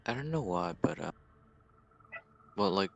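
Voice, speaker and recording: A man playing a tabletop game who talks haltingly, stumbling and restarting his words. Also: low voice, expressive, creaky, a bit bright, muffled recording. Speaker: player. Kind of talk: casual tabletop game chat.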